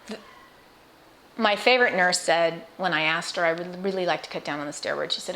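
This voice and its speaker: A woman's voice: fairly low pitch, brisk, bright, forceful tone, slight background noise. A middle-aged woman speaking personally to camera about her illness in an earnest, emotional, conversational way, with restarts and asides to the viewer. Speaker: cancer patient sharing her experience. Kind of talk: personal vlog talk to camera.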